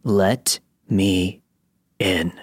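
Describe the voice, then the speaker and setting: A man voicing a menacing, gruff male stranger with a gravelly, snarling voice in a spoken horror story. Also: low-pitched, fairly even intonation, no room sound, clean studio sound, full character voice. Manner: slow, threatening delivery.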